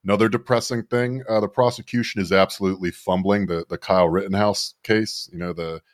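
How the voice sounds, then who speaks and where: A podcast co-host with a low voice riffs on the news in casual political banter, sardonic and rambling, constantly correcting himself. His intonation stays fairly even and his pace is a little fast, and the recording is dry and close with no room sound.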